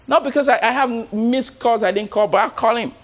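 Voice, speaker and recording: A man giving a motivational talk to a live audience as a coach. He is animated, laughs often, repeats words and coaxes the crowd to join in. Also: extremely high pitch, brisk.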